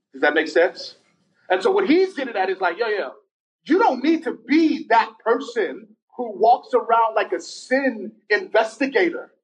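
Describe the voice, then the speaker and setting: A young man preaching a sermon in a lively, conversational way, slipping in slang and acted asides. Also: sits high, distant mic, rough recording. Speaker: pastor.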